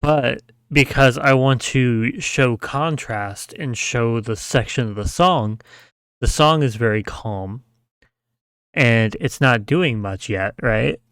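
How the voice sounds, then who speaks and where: A man's voice: medium pitch, slow pace, a bit bright, clear, resonant tone, no echo. A man giving a casual screen-share tutorial, explaining step by step, often checking with "right?" and humming the sounds he describes. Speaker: mapping tutor.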